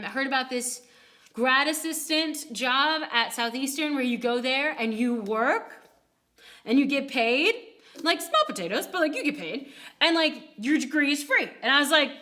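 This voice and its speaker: A woman's voice: high-pitched, expressive, moderate pace, sharp tone. A young woman in her twenties on a youth ministry staff, telling a casual personal testimony in a chatty way with many fillers. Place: recorded alone to a camera.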